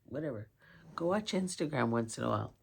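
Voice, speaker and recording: A woman vlogger talking warmly and emotionally to her viewers, near tears. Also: very deep voice, lively intonation, a little fast, gravelly, breathy edge. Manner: emotional, tender, talks straight to viewers. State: tearing up. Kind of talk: heartfelt holiday vlog.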